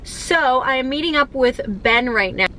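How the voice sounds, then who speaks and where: A woman's voice: sits high, lively intonation, moderate pace, sharp tone, a little hiss or hum. A young woman vlogging her day in casual, chatty talk with a friend. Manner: chatty, laughs and sings along. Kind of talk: casual vlog chat. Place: in a car. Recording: music playing in the background.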